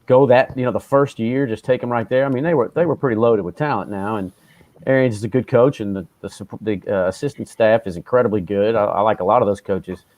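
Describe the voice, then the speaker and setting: A man talking quickly and earnestly as a guest in a casual online chat, often restarting his sentences. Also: on the low side, a little mellow, dry recording. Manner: fast, earnest, with frequent restarts. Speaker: guest from a sports film crew. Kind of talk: casual chat on a video call.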